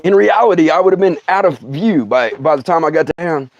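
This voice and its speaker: Lively man telling comic stories. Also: fairly high pitch, brisk, creaky, no room sound, lo-fi sound. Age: middle-aged. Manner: animated, laughs often, acts out scenes. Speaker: storyteller host. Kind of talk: comic storytelling livestream.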